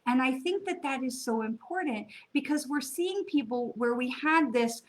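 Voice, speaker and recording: A woman's voice: high-pitched, animated, normal speed. A middle-aged woman from the United States, a psychic medium chatting casually to viewers with many fillers and quoted asides. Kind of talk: casual spiritual talk to viewers.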